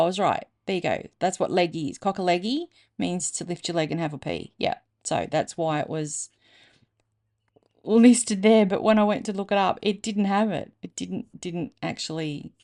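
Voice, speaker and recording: A woman's voice: fairly low pitch, darkish tone. An Australian woman hosting a reading channel, chatting casually and thinking aloud in a self-mocking way. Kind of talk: casual chat to camera.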